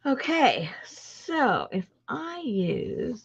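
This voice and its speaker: A woman's voice: on the low side, sing-song, unhurried, creaky, dull audio. A woman hosting a crafting video, chatting casually and thinking aloud as she works. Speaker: crafting channel host. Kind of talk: casual chat while crafting.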